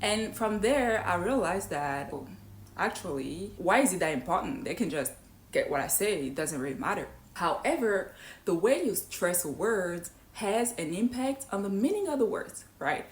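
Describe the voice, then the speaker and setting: A woman's voice: mid-range voice, sing-song, measured pace. Woman teaching pronunciation in an echoey room. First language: not English. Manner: explanatory, often checks in with "right?". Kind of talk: online pronunciation lesson.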